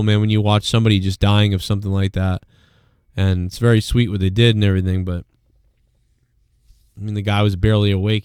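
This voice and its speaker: A man hosting a live stream, ranting and swearing his way through one topic after another. His voice is smooth and clear, sitting at a middle pitch. The sound is dry and close, with no room around it. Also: darkish tone, no echo. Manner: profane, ranting, rambling. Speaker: live show host. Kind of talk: casual live-stream rant.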